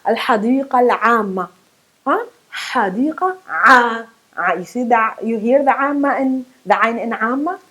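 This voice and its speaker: Lively woman teaching pronunciation. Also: on the high side, quick pace, rough recording. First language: Arabic. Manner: lively, demonstrating throaty sounds, laughs at herself. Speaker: Arabic teacher. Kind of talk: online pronunciation lesson.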